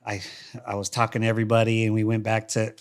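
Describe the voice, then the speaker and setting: A man's voice: on the low side, completely flat delivery, fast. A man telling stories in a casual studio interview, speaking loosely with frequent restarts and repeated words. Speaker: guest, former fighter and coach. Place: podcast studio.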